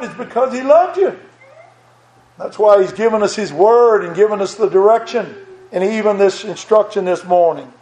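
A man's voice: very high-pitched, normal speed, darkish tone, echoey room, low-quality recording. An older man preaching a sermon, earnest and repeating words, reading scripture aloud.

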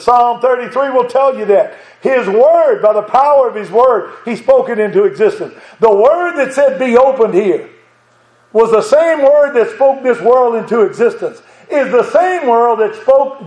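High-voiced preacher in an echoey church. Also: male voice, darkish tone. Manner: emotional, rising into fervent preaching with chuckles. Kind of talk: sermon.

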